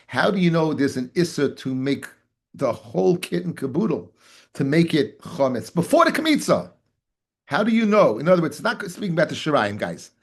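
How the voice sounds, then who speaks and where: A man's voice: on the high side, big pitch swings, a little fast, slightly rough. A man, a rabbi teaching a daily Talmud class, who repeats phrases, fires rhetorical questions at his listeners, calls them "guys" and mixes Hebrew and Yiddish terms into his English.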